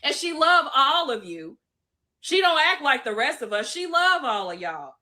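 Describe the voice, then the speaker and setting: A woman's voice: high-pitched, very animated, moderate pace, sharp tone. A woman in a played online clip, lecturing emphatically and with profanity. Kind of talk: online video rant.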